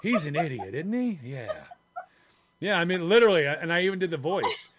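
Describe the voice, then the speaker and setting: Animated man telling a sheepish story. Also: fairly high pitch, brisk, no echo. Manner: animated, self-mocking, acts out other voices. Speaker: podcast co-host. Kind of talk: casual storytelling chat.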